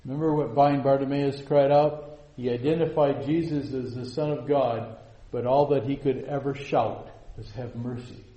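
A man preaching a sermon, slow and emphatic, dropping to hushed lines and rising to loud, soaring quotations. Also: medium pitch, steady tone, echoey room, dull audio. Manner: slow, drawn-out emphatic delivery.

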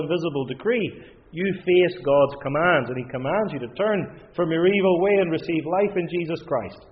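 A man preaching a sermon, emphatic and building to forceful peaks, slowing to stress quoted scripture. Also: on the high side, big-room sound, narrow, tinny audio. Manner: slows and stresses scripture quotations.

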